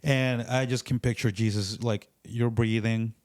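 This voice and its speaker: A man, a podcast guest in casual faith talk, who acts out complainers in quick put-on voices. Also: mid-range voice, fairly even intonation, darkish tone.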